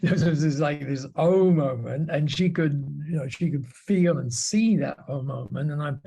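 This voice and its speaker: A man with an Australian accent, a podcast guest telling a story with animation and repeating words when he gets excited. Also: a little high, normal speed, gravelly, slight background noise. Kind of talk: storytelling interview talk.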